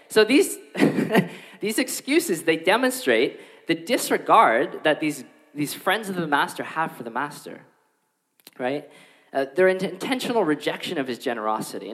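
A man preaching a sermon in a conversational, animated way. His voice sits a little high and swings widely in pitch as he acts out the excuses. The sound carries a long reverb from the hall. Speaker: pastor.

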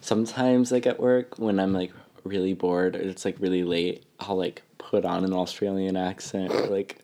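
A young man with a rather low voice chats casually as a podcast co-host. He tells stories in an animated way and leans heavily on fillers. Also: moderate pace. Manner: animated, filler-heavy storytelling. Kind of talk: casual chat.

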